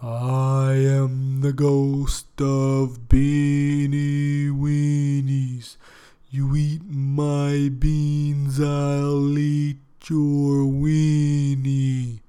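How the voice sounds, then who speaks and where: A man voicing a menacing male ghost that comes out of a can of beans, speaking in slow, drawn-out proclamations. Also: on the high side, monotone, dark tone, clean tone, voice pushed up. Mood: booming.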